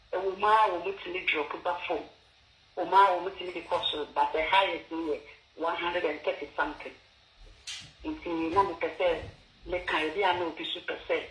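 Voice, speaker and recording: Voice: medium pitch, bright, forceful tone, echoey room, a little hiss or hum, rough recording. A guest on a radio talk show, explaining costs in a mix of Twi and English.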